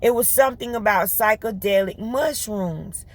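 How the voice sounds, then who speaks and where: A woman telling a story to her viewers in casual, colloquial chat. She talks fast in bursts, is lively, and laughs often. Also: medium pitch. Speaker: vlogger.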